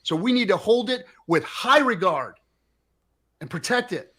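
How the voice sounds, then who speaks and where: A middle-aged male host with a high voice delivers an impassioned, profane livestream rant. His emphatic, fired-up delivery keeps pushing every point. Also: animated, a little slow, a bit bright, breathy edge.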